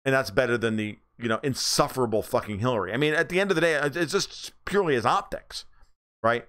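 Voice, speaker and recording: Casting: male livestream host from the US, mid-pitched, blunt, sarcastic, swears freely. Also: fast, a bit bright. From United States. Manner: mocks others in high squeaky voices. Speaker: livestream host reading chat. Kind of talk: casual political livestream commentary.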